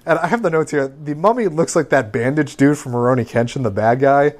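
A man's voice: on the high side, brisk, darkish tone. Casual guy rambling through a recap. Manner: rambling, filler-heavy summarizing. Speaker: podcast co-host recapping an anime.

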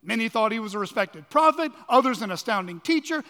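Pastor, male, very high voice, dramatic sermon delivery that drops to near-whispers, long church reverb. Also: expressive, fairly quick, hardly any pauses. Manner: dramatic preaching, swinging from loud emphasis to hushed lows.

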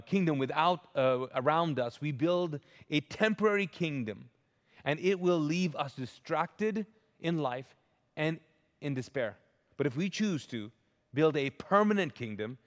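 A man preaching a live sermon as pastor, earnest and emphatic, often restarting his sentences. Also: fairly high pitch. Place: large church auditorium. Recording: long hall reverb.

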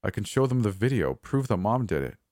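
A man's voice: fairly low pitch, big pitch swings, brisk, a little mellow, no echo, clean studio sound, pitched above the performer's own voice. A man voicing a timid, anxious young man who stammers and hesitates. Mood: timid, confused.

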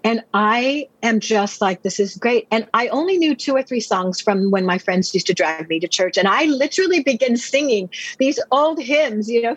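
A woman pastor tells her own testimony in an earnest, vivid way, often restarting her words in a rush. Her voice is husky and a little breathy. The recording is dry and slightly muffled. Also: on the high side, lively intonation, dry recording. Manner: earnest, vivid storytelling with quick repeated restarts. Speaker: pastor and Bible teacher. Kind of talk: personal testimony storytelling.

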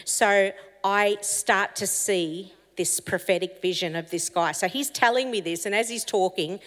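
An animated woman preacher tells personal stories and parables with lively expression. Her voice sits at an ordinary pitch. A long reverb trails each phrase, as in a church hall. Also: unhurried. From Italian heritage. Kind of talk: storytelling sermon.

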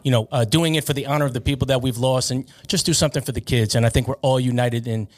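A man hosts a casual podcast interview, winding his way through long, thoughtful questions. His voice sits at an ordinary middle pitch. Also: fairly even intonation, fast talker. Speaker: podcast host and referee.

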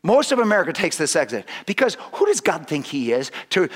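This sermon comes from a male pastor whose high, husky voice swoops with energy, moving a little fast with few pauses. He laughs often, does little voices, and starts and restarts sentences while building to a point.

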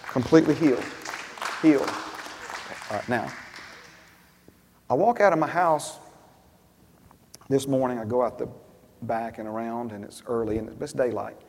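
A man preaching a sermon as a story, swinging from hushed asides to loud, emphatic bursts. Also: medium pitch, normal speed, long pauses, a faint crowd, a little hiss or hum. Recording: long hall reverb.

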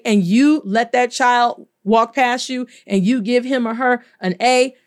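A woman from the United States, a teacher giving an animated language lesson, playful and slowly spelling words out letter by letter. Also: fairly high pitch, clean tone. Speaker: Spanish teacher.

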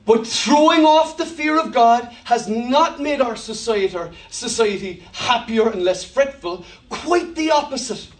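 A man with an Irish accent preaching a sermon to a church, telling jokey stories in an animated way, often laughing as he talks. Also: extremely high pitch, unhurried, few pauses, recorded from a distance. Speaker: pastor. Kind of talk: sermon with humorous storytelling. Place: large church hall. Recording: echoey church hall, from off-mic.

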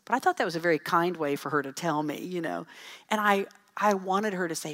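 A middle-aged woman speaking to a church audience, telling folksy, animated stories with asides about parenting. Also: fairly low pitch, a little fast. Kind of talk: storytelling talk to an audience.

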